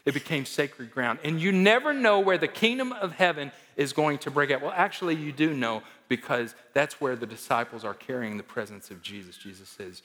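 A man preaching a sermon as pastor, emphatic, rising to loud stresses and dropping to soft endings. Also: medium pitch, a little fast. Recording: long reverb of a large hall.

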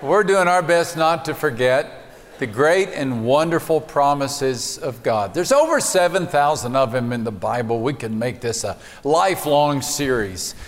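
A man's voice: medium pitch, lively intonation, unhurried, long reverb tail, slight background noise. A man, a pastor preaching a sermon and telling folksy stories with hesitant fillers.

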